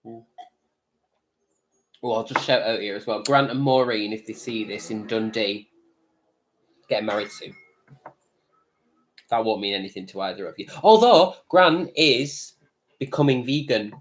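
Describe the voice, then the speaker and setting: A man co-hosting a live stream in casual chat, playful and quick with comedy quotes and one-liners. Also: fairly low pitch, slight background noise, low-quality recording.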